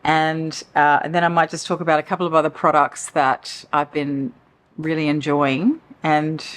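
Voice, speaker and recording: A woman chatting casually to camera from her couch, rambling and open about her feelings. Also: low voice. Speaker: perfume vlogger. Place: living room, on the couch.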